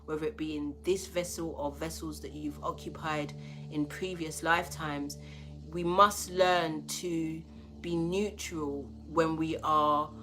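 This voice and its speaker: A woman's voice: low-pitched, a bit bright. A woman giving a spiritual tarot reading, talking bluntly and emphatically with a lot of swearing. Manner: blunt, profane, emphatic preaching.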